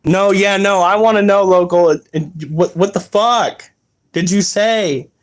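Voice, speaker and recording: Casual profane streamer, slow drawn-out delivery, rambles and reacts to chat. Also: medium pitch. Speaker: livestreamer reading chat.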